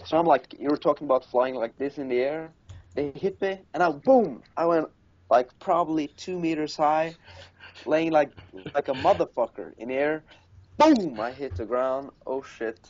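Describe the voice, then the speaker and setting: A man's voice: fairly high pitch, moderate pace, darkish tone. Profane, laughing man. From Norway. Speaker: podcast co-host. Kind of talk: casual chat. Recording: dull lo-fi recording.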